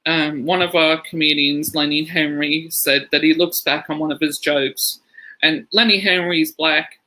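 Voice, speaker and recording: A man's voice: on the high side, steady tone, a little slow, sharp tone, poor audio. A man co-hosting a podcast, rambling through anecdotes in casual chat and laughing as he goes. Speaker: podcast co-host.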